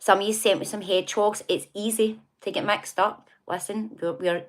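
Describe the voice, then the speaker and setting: A woman's voice: mid-range voice, fairly even intonation, normal speed. A middle-aged Scottish woman from near Glasgow hosting a casual livestream, chatting and gossiping about the news, laughing often and reacting to viewer comments. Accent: Scottish (Glasgow area). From Scotland. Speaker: livestream host.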